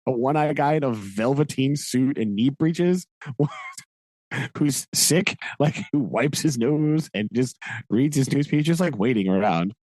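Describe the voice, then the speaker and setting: On a podcast, a male co-host rambles through a book recap, full of "like" fillers and frequent laughter. He speaks unhurriedly in a medium-pitched, darkish voice, and the recording is dry.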